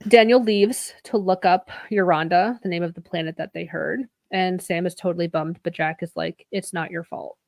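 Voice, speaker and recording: A woman's voice: fairly low pitch, steady tone, normal speed, gravelly, hardly any pauses, darkish tone, no room sound. A woman co-hosting a podcast, recapping an episode in casual chat, swearing freely and acting out the characters' lines. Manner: chatty, swears casually, acts out quoted lines. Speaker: podcast co-host.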